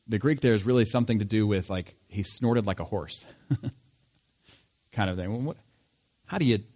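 A man's voice: on the low side, a little mellow. A man preaching a sermon in a conversational tone, asking rhetorical questions. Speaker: pastor.

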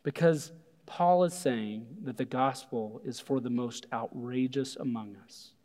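A man preaching a sermon, animated, acting out voices when he quotes people. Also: medium pitch, unhurried. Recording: long hall reverb.

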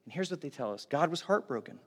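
A man preaching a sermon as pastor, telling the story with animated swings from loud bursts to hushed asides. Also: on the high side, fast, in a large hall.

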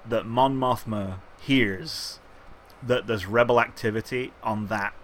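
A man's voice: fairly low pitch, slow, slight background noise. A man co-hosting a casual film podcast, retelling scenes with bursts of laughter. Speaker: podcast co-host.

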